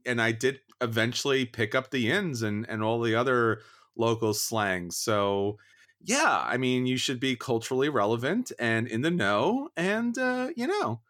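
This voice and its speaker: A man's voice: mid-range voice, measured pace. A man co-hosting a podcast in casual, joking chat. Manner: joking, animated. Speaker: podcast co-host.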